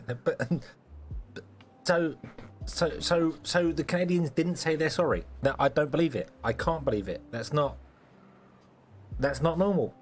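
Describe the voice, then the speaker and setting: A man's voice: a little high, lively intonation, measured pace. A man from Britain chatting casually with viewers while streaming a game, joking and stumbling over his words.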